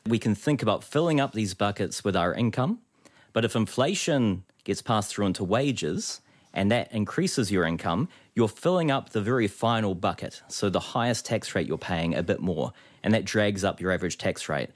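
A man with a New Zealand accent, a research economist explaining tax policy calmly as a radio guest. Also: fairly low pitch, normal speed, no echo. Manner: calm explanatory. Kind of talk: radio interview.

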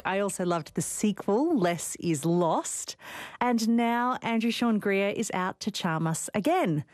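A woman hosting a radio book show, interviewing an author with bright enthusiasm. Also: lowish voice.

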